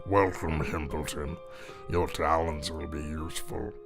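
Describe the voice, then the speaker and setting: Flatley, gravelly cosmic swarm lord. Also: male voice, music in the background, full character voice. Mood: ominous. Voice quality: deep gravelly rasp. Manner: slow, measured, ominous. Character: ancient shadowy cosmic swarm entity, male, menacing.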